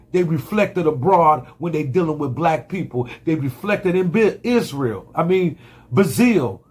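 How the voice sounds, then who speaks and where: A man's voice: on the high side, lively intonation, a little slow, breathy edge. A man giving a fiery, profane monologue full of rhetorical questions. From United States. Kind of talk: impassioned monologue.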